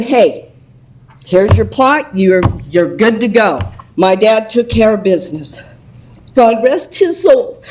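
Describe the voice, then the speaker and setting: A woman's voice: sits high, darkish tone, poor audio. A woman speaking emotionally and indignantly during public comment at a city council meeting.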